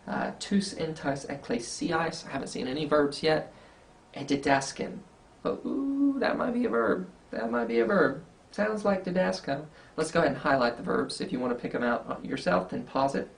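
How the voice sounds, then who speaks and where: Gravelly man lecturing over slides. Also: medium pitch, a little hiss or hum. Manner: explanatory, thinking aloud with fillers and rhetorical questions. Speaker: Greek teacher.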